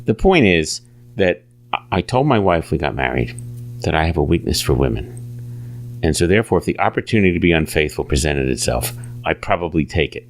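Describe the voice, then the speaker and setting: A man's voice: extremely low pitch, very animated, fairly quick, creaky, a little hiss or hum. A man talking as an author guest in a casual interview, rambling, restarting his sentences and insisting on his points.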